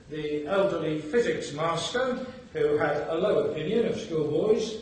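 A man in his sixties, a bishop, giving a formal lecture with measured delivery and dry wit. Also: a little high, slight background noise. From England, Birmingham. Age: 60s. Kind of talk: formal after-dinner lecture. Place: large hall. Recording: echoey hall, from far off.

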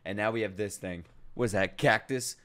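A young man hosting an anime reaction, talking casually, swearing and swinging between loud outbursts and low mutters. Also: brisk, a little hiss or hum. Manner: loud, excitable, swears, jumps between shouting and mumbling.

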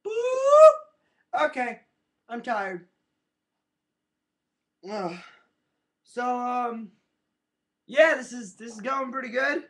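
A man's voice: extremely high pitch, slow pace, long pauses, sharp tone. A man rambling in a goofy, casual way into his webcam, with silly sound effects. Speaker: webcam vlogger. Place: at home in front of a webcam. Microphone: built-in webcam mic.

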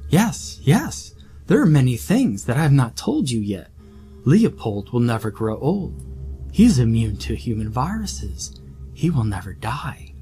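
A man's voice: mid-range voice, very animated, measured pace, dark tone, soft background music. A man doing an earnest, impassioned scientist. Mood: eager. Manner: earnest and pleading. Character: passionate idealistic male scientist. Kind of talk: audiobook horror story reading.

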